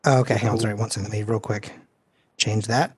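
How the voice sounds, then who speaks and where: A man's voice: on the low side, fairly even intonation, fast talker, husky, no echo. A man playing a tabletop game, joking and reporting his dice rolls. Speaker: player.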